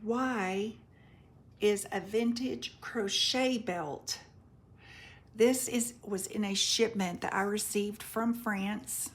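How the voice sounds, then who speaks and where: A woman's voice: mid-range voice, steady tone. A woman selling vintage paper and crafts, talking casually and describing each item up close. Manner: chatty, unhurried, describing items up close, stumbles over foreign words. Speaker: online craft seller. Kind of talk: casual product presale video.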